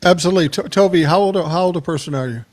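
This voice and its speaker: A man's voice: high-pitched, very fast, a little mellow. An older man hosting a podcast, chatting casually and telling stories with easy laughter. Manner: storytelling, laughs easily. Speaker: podcast host. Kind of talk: casual chat.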